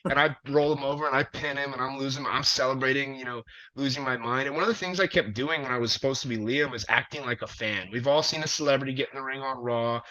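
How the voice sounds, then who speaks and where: A man, a wrestler, telling a long story in casual conversation, animated and profane with plenty of fillers. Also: mid-range voice, fast, hardly any pauses. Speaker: wrestler guest. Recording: dull lo-fi audio.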